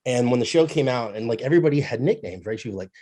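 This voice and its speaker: A man interviewing guests in a casual chat, talkative and quick to laugh at himself. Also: mid-range voice, expressive, warm tone. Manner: chatty, laughs often, self-deprecating.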